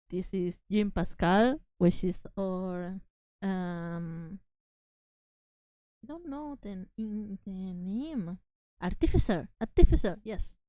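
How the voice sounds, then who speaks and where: A woman whose first language is Spanish, chatting casually while streaming live as a VTuber from home. She talks in an excitable, giggly way and often apologizes. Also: mid-range voice, no room sound.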